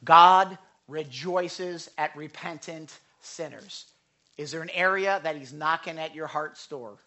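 Bright, impassioned male preacher. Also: slow pace. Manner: impassioned, rising to high urgent pleas then dropping low and quiet. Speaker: pastor. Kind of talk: sermon. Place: church without a microphone.

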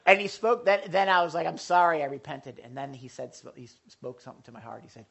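A man preaching a casual sermon to a congregation, animated and jokey, swinging between loud and quiet. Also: a little high, quick pace, vocal fry, hardly any pauses, husky.

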